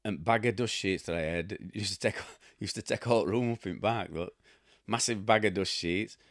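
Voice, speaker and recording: A man's voice: on the low side, moderate pace, fairly bright tone, no room sound, studio quality. A man in his fifties with a Yorkshire accent, hosting a casual chat and telling rambling, blunt stories with a chuckle. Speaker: host.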